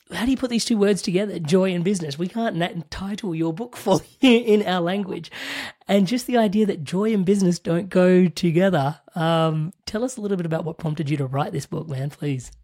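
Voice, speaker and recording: An Australian woman hosting an interview, chatty and filling pauses with soft murmurs. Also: lowish voice. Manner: chatty, with frequent filler murmurs. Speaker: podcast host.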